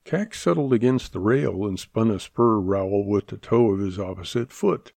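A man narrating a western audiobook in a measured, plain storytelling delivery. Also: on the low side, gravelly, darkish tone, no echo. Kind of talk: scripted narration.

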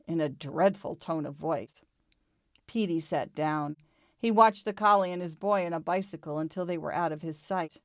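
Woman, storyteller, children's story read aloud, calm, lowish voice, dry recording. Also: moderate pace, no room sound.

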